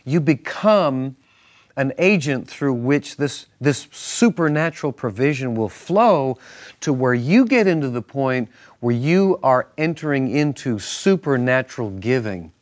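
A man's voice: medium pitch, animated, measured pace. A male minister teaching from the Bible on a Christian talk show, emphatic and repetitive in a preacherly way.

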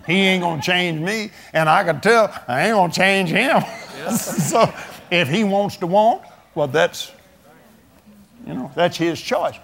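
A man's voice: sits high, expressive, measured pace, vocal fry, fairly bright tone. A man in his seventies preaching a folksy sermon, telling stories with a chuckle and plain colloquial talk. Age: 70s. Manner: storytelling, chuckling, drawling colloquial speech.

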